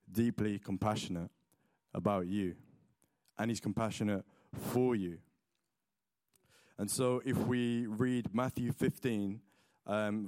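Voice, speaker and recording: A man's voice: fairly low pitch, dry recording, clean studio sound. A young man preaching a sermon, mixing chatty personal stories full of likes and ums with Bible reading. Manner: chatty, lots of likes and ums, animated retelling.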